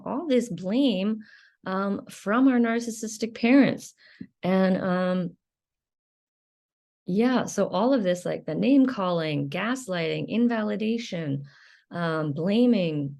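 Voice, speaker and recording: A woman talks through a reflective solo podcast at a middle pitch. She pauses often, filling gaps with ums and restarting her sentences as she thinks aloud. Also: creaky, a little mellow. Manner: hesitant, many ums and restarts. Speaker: podcast host.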